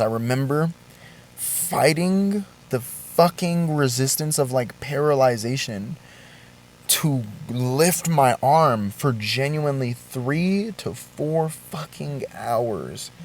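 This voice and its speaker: A young man vlogging a confessional story, shaken and halting, with swearing and frequent restarts. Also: mid-range voice, expressive.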